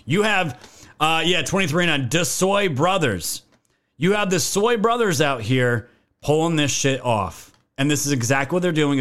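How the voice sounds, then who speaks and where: A man's voice: fairly high pitch, a bit bright. A man hosting a political commentary video, ranting in a heated, profane way and calling his viewers fam.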